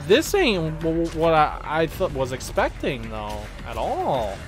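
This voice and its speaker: A sleepy, yawning man streams a casual live reaction to a game showcase, thinking aloud in a drowsy, unhurried way and trailing off mid-sentence before restarting. His voice is on the high side with big pitch swings, and faint music plays behind him.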